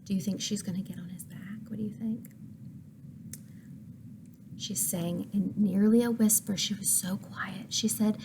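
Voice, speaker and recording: Expressive woman reading a picture book. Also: mid-range voice, a little slow, long pauses, noisy background. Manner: expressive, asks listeners questions, explains words. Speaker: story reader for children.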